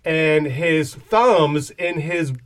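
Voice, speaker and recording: A man's voice: a little high, drawn-out words. A man co-hosting a podcast, telling a story in a playful, joking way. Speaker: podcast co-host. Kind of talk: casual chat.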